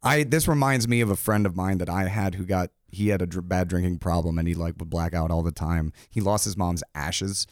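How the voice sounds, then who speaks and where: A man hosting a podcast, chatting in a relaxed, reflective way with casual swearing. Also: low-pitched, brisk, few pauses, no echo, studio quality. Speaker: podcast host. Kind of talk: casual chat.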